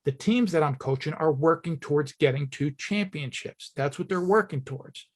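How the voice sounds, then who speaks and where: A man with a fairly high speaking voice delivers a motivational keynote speech. He talks emphatically and directly to his listeners. He often stops to ask them rhetorical questions. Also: moderate pace. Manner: tells stories and acts out short quotes. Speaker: keynote speaker at a fire service training school.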